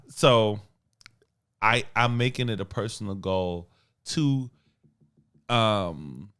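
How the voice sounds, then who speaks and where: A man's voice: on the low side, a bit bright, clean tone. A man co-hosting a podcast, bantering and joking in casual conversation with his partner. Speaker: podcast co-host. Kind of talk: casual couple chat.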